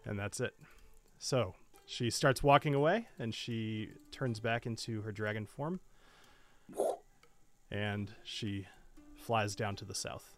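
A man narrating as game master in a tabletop game, relaxed with laughing asides. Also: on the low side, slow pace, pauses often, soft background music.

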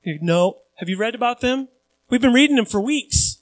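A man with a high voice preaches a sermon, talking conversationally and acting out little quotes. The sound is dry and close, with no room echo. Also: lively intonation, moderate pace. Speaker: pastor.

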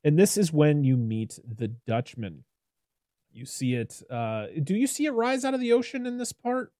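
Dark-voiced man in casual film chat. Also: a little high, moderate pace, dry recording, studio quality. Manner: rambling and animated, lots of "like" and restarts. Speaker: podcast host reviewing a film.

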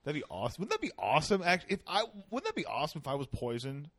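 A man's voice: fairly high pitch, huge pitch swings, racing, fairly bright tone. A man chatting casually as a podcast guest, rambling through jokes and tangents with a lot of swearing. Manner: joking, rambling, profane. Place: Sacramento.

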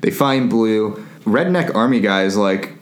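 A man casually recapping a film on a podcast, rambling, laughing and acting out characters in quick voices. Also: fairly low pitch. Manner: rambling, animated, laughs often, acts out characters. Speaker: podcast host. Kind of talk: casual movie recap chat. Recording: echoey room.

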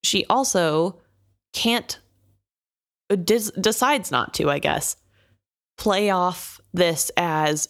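A woman co-hosting a book podcast, with a somewhat low voice for a woman. She talks in a lively, exasperated way, questioning every choice the characters make. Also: slow pace. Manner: animated, exasperated commentary. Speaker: podcast co-host. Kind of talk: casual book discussion.

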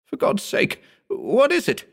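A man's voice: very high voice, wildly swooping pitch, unhurried, gravelly, pitched above the performer's own voice, full character voice. A man reading a story aloud, voicing a young male assistant who bursts out in frantic disbelief.

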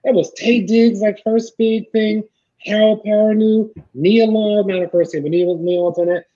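A middle-aged man telling stories in a casual chat, acting out the people he quotes in lively voices. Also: high-pitched, moderate pace. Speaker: podcast guest, filmmaker. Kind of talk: casual storytelling. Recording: dull lo-fi sound.

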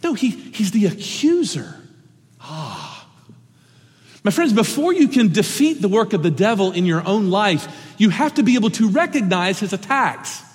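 A man's voice: sits high, very animated, moderate pace, few pauses. Man preaching in a reverberant hall. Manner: earnest, impassioned preaching with sudden drops to a hush. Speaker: pastor. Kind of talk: sermon. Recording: long reverb of a large hall.

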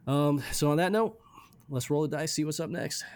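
A man co-hosting a casual music podcast, rambling with many restarts and trailing off quietly. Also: fairly high pitch, normal speed, dry recording. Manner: rambling, restarts often, drops quiet at ends of thoughts. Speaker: podcast co-host reviewing music. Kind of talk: casual chat.

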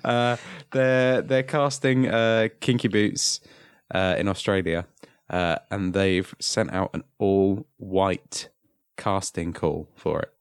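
A man with a very low voice chats casually on a podcast. He talks haltingly, full of "uh"s and restarts. The sound is close and dry. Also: steady tone, smooth, no room sound. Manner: hesitant, many "uh"s and restarts. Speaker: podcast co-host. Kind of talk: casual chat.

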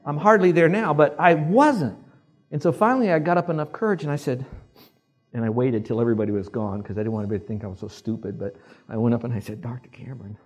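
A man's voice: medium pitch, quick pace, husky, faint music behind. A man preaching a sermon in a conversational way, asking his listeners to repeat words back and checking that they follow. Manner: conversational preaching with audience call-and-response. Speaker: pastor.

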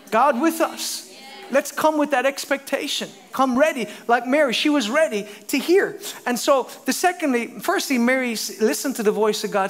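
A middle-aged man preaching a sermon as a pastor, telling stories with lively acted voices and asides to the congregation. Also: very high voice.

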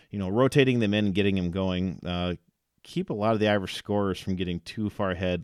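Male sports-pod co-host, lower register, dry close mic, chatty and stat-heavy. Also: a little mellow, no echo. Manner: rattles off stats with fillers and laughs. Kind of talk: casual sports chat.

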